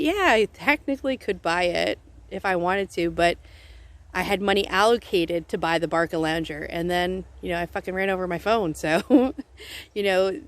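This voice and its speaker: A woman vlogging casually to camera on a woodland trail, talking in a rambling, candid way and swearing now and then. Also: lowish voice. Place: outdoors on woodland trail stairs.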